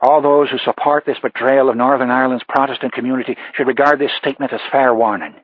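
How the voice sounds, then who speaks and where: A man voicing a menacing male terrorist caller with a Northern Irish accent, reading a statement coldly and deliberately. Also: medium pitch, fairly even intonation, no room sound, close to an everyday voice. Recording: dull lo-fi audiobook recording.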